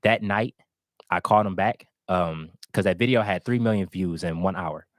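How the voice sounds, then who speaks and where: A man's voice: low-pitched, normal speed, no echo, clean studio sound. A man casually telling a long anecdote as a guest, acting out the voices of the people in it. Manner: animated, acts out quoted voices. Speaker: guest storyteller.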